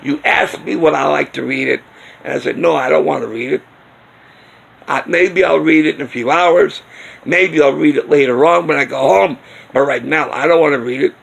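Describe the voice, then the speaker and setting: A man's voice: a little high, moderate pace, creaky, a bit bright. A man ranting indignantly in a casual vlog, firing off rhetorical questions. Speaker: video blogger. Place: outdoors near a smoking area.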